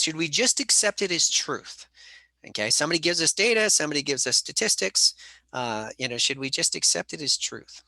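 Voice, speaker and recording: A man's voice: on the high side, lively intonation, a little fast, vocal fry, sharp tone, no echo. A man teaching a live online college lecture, answering students' chat questions in a conversational way with frequent fillers. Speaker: college instructor.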